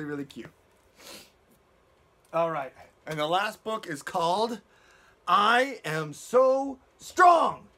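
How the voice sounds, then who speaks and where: A man's voice: fairly high pitch, pushed and bright. A man reading picture books to children at storytime, playful and joking. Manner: playful, goofy, jokes to kids.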